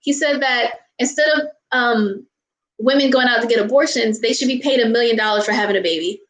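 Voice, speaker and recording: Talking fairly quickly in a slightly high, fairly bright voice, an American vlogger answers her viewers' questions casually. She rants with exasperation and often laughs and apologizes. The audio is poor, with an echoey room sound.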